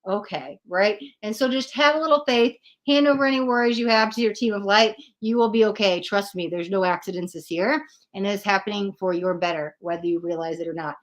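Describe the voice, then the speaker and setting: A young woman with a medium-pitched voice hosts a live tarot stream, speaking a little fast as she tells her chat, earnestly and with lots of feeling, about letting go of control. Animated and casual in her spiritual talk, she acts out her own panicked thoughts.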